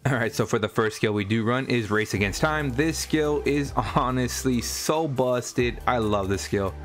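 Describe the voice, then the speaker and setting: A man's voice: mid-range voice, moderate pace, music in the background. A man giving a casual, enthusiastic voice-over for a game build guide, chatty and chuckling often. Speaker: gaming content creator.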